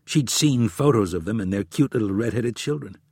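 Male audiobook narrator, measured and steady, husky tone, dry booth sound. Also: on the low side, dry recording. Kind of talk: scripted narration.

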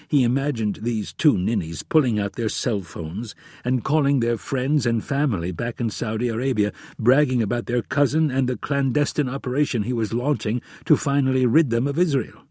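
A man reading a novel aloud as narrator, with steady, even storytelling. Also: mid-range voice, breathy edge, no echo, clean studio sound. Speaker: audiobook narrator. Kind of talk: scripted narration.

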